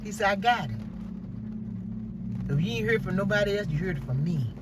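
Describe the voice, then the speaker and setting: A woman's voice: mid-range voice, quick pace, very noisy. A woman telling a story in a casual vlog rant, acting out quoted dialogue and exclaiming about God. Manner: animated, acts out quoted dialogue, religious exclamations. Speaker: vlogger. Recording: voice from far off the mic.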